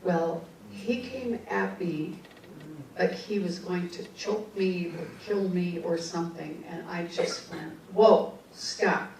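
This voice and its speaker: A woman psychic speaker tells stories to an audience in a low-side, slow, creaky and slightly mellow voice. She talks freely with many asides and restarts, picked up by a distant, echoey hall mic with slight background noise.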